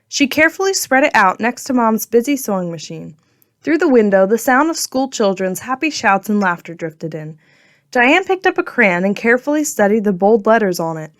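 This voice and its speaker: A woman narrating a children's storybook in a clear, gentle storytelling manner. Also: on the high side, sing-song, fairly quick, no echo, clean studio sound. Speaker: audiobook narrator.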